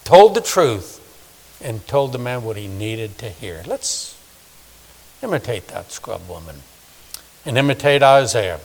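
A man in his sixties preaching a sermon, swinging from loud emphasis to hushed, soft asides. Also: mid-range voice, big pitch swings, measured pace, gravelly, pauses often. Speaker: pastor. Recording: long reverb of a large hall.

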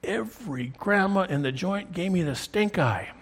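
A man's voice: on the high side, animated, measured pace, husky. A man in his fifties preaching a sermon, telling stories in a conversational way and often checking in with "okay?". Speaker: pastor.

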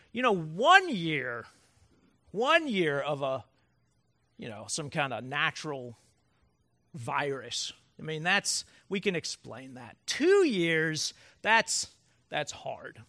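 A man's voice: sits high, sharp tone. A man preaching a sermon as pastor to his congregation, emphatic and building through rhetorical questions.

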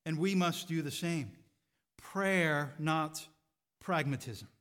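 A man with a high-pitched voice preaching a sermon to his congregation. He asks rhetorical questions with rising fervor and at times drops to a quiet, reflective tone. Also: slow pace. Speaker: pastor.

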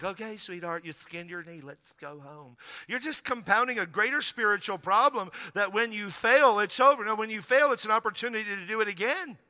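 A man's voice: high voice, sharp tone. A male pastor preaching a storytelling sermon, conversational and humorous, then rising to emphatic preaching. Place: church sanctuary. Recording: long reverb of a large hall.

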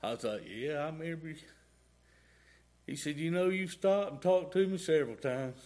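A man's voice: on the high side, moderate pace, a little mellow. A middle-aged man giving a rambling, folksy testimony in a church. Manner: rambling folksy storytelling, y'all and ain't. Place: church sanctuary.

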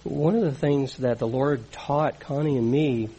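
Man, middle-aged, sermon, earnest conversational teaching, husky, mellow. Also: medium pitch, fairly even intonation, unhurried, poor audio. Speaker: preacher.

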